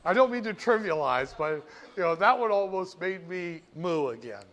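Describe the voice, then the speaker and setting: A male finance lecturer with a notably high-pitched voice, working a classroom. He keeps it animated, joking with and teasing students as he quizzes them. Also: normal speed.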